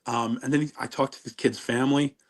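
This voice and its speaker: A man's voice: medium pitch, fairly even intonation, quick pace, vocal fry. A middle-aged man chats casually as an interview guest. He rambles through his stories, doubling back and breaking off his own sentences. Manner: rambling, self-interrupting storyteller. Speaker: interview guest, former wrestler.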